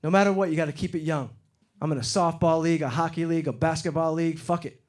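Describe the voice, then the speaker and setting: A middle-aged man from Detroit doing a stand-up comedy set on stage, getting loud and animated when he acts out other people. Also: on the high side, fast. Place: comedy stage before a live audience. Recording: live show with loud crowd laughter. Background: crowd laughing.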